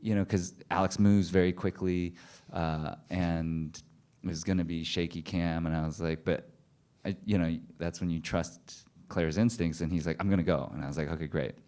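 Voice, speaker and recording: A man on a festival panel telling animated behind-the-scenes anecdotes, laughing as he acts out what others said. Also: deep voice, moderate pace, few pauses. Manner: animated anecdotes, laughing while acting out quotes. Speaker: film director on a panel. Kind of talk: panel storytelling.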